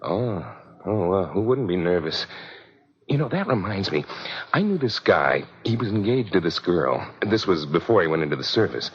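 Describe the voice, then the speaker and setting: A chatty, deep-voiced ward patient. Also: male voice, very animated, moderate pace, slightly rough, heavily acted. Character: chatty male hospital patient telling a story. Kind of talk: 1950s radio drama acting. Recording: dull lo-fi old radio broadcast.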